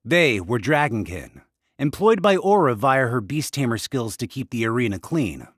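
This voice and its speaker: A male narrator reading a fantasy web novel aloud, his pitch moving freely up and down. The voice sounds dry and close to the mic. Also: very animated, moderate pace, no room sound. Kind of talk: scripted audiobook narration.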